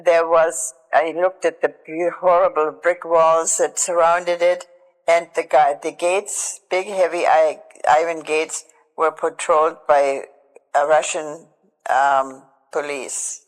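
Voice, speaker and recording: An older woman tells her personal testimony in a halting, emotional way, often breaking off and restarting her sentences. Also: low-pitched, flat delivery, big-room sound, low-quality recording. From Germany. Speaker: Holocaust survivor giving testimony.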